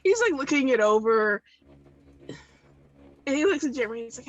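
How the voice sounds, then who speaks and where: Casting note: woman player, higher pitch, husky, hesitant. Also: very animated, fairly quick, highs cut off. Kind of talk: casual game chat.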